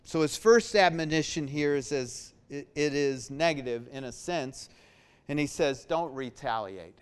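Guy preaching to his church, smooth clear voice, repeats stuff for emphasis. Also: a little high, animated, a little slow. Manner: preaching with rising emphasis, repeats words for stress. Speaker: pastor. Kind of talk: sermon.

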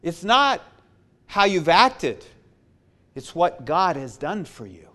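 A man preaching a sermon, slow and emphatic, repeating his key phrases. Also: a little high, big pitch swings, bright, forceful tone.

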